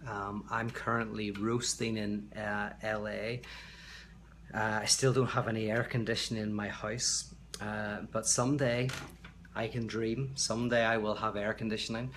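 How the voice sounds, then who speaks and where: A man's voice: fairly low pitch, little pitch movement, normal speed, fairly bright tone, a little hiss or hum. A man from Belfast, hosting a casual livestream from his home, chatty and rambling, reading out viewer comments. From Belfast, Northern Ireland. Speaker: livestream host. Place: at home, indoors.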